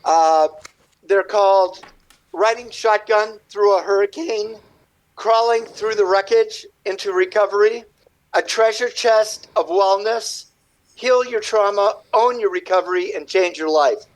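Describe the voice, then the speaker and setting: A man with a notably high speaking voice, talking as a guest on a radio interview. He rambles through his story with animated energy, switching into little acted-out voices for the people in it. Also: unhurried, low-quality recording. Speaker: guest artist.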